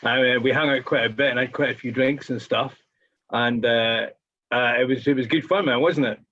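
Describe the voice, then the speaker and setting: A man's voice: mid-range voice, steady tone, moderate pace, a bit bright. Give me an easygoing man chatting over a dull video call. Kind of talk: casual chat.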